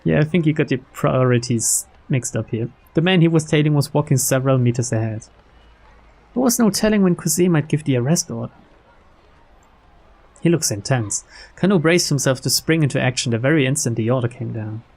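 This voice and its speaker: Sarcastic let's-play guy, gravelly. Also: mid-range voice, animated, brisk, a little mellow. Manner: chuckling, sarcastic asides, profane. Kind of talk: casual game narration and commentary. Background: game music.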